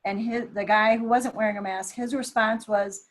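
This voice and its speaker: A woman's voice: on the high side, fairly even intonation, moderate pace, rough recording. A woman in a video meeting telling an anecdote, voicing the people she quotes. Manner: storytelling, voices quoted people. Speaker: meeting participant.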